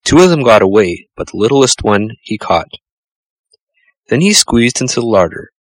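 A man narrating a children's storybook in a measured, gentle storytelling manner. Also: on the low side, very animated, dry recording, low-quality recording. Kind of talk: storybook reading.

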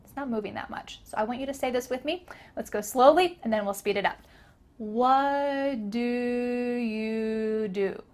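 A young American woman teaching English pronunciation, calmly modeling phrases in slow repeated drills. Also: on the high side. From North America. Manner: slow drilled repetitions, light laughs. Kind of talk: spoken English lesson.

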